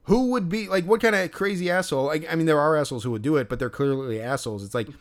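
A man's voice: fairly high pitch, fast talker. A man co-hosting a podcast, in casual chat, ranting and swearing a lot. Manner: profane, ranting. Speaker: podcast co-host.

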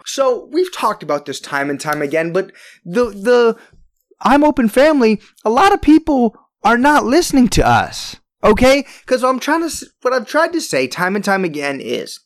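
Emphatic ranting podcast host. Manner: emphatic, ranting, with big jumps in pitch and loudness on stressed words. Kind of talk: opinionated sports podcast monologue.

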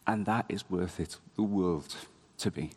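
A man giving a conversational, animated sermon in a church. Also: sits low, measured pace, breathy edge. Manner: conversational, animated, self-deprecating. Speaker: preacher.

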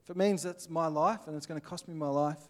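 Casting: Australian male preacher, plainspoken and earnest, voice slightly high. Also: quick pace. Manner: earnest, plainspoken, acts out little scenes. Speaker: pastor. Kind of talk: sermon.

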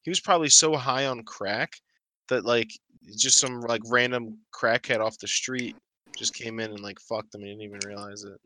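A man trades dark, joking remarks in a loose podcast conversation. His voice is bright and clear, sitting at a middle pitch. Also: steady tone, moderate pace. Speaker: podcast guest, substance abuse specialist. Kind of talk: casual chat.

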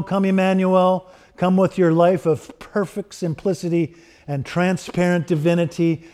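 A male preacher with a mellow, slightly high voice delivering a sermon. He speaks earnestly and rises into fervent prayer.

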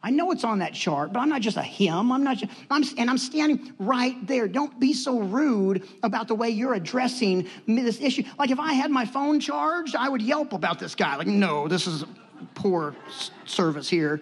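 Male preacher, high-pitched, storytelling sermon style, animated delivery, long hall echo. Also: normal speed, few pauses, slightly rough. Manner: animated storytelling, acts out quotes.

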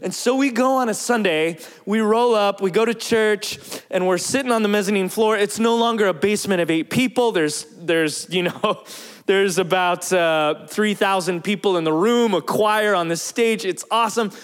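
High-voiced man telling a sermon story. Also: normal speed, clean tone. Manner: lively, animated storytelling with acted-out quotes. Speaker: pastor.

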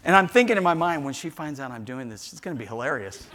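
A man in his sixties telling a funny story in a sermon, animated and jokey, acting out voices. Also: mid-range voice, fast, noisy background. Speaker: pastor.

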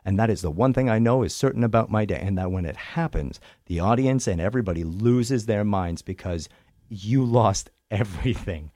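A man with a Canadian accent, a stage actor chatting in an interview with animated, self-deprecating humor. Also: fairly low pitch, moderate pace, no room sound, studio quality. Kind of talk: interview chat.

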